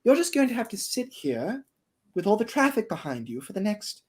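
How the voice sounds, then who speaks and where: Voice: mid-range voice, very animated, fairly quick, a little mellow, pitched above the performer's own voice, close to an everyday voice. A livestreamer voicing a rude male car stuck at a crossing, pleading and whiny.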